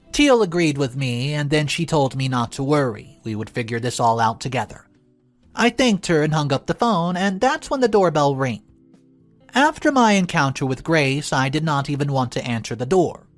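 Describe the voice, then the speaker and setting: Animated male story narrator. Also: on the high side. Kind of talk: reading a first-person story aloud.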